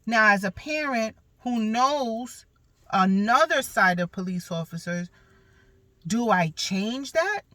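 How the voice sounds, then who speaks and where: A woman's voice: on the high side, animated, slow, pushed and bright, no echo. A woman in her thirties hosting a podcast, telling a personal story in a candid, emphatic way with some blunt cursing. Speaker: podcast host.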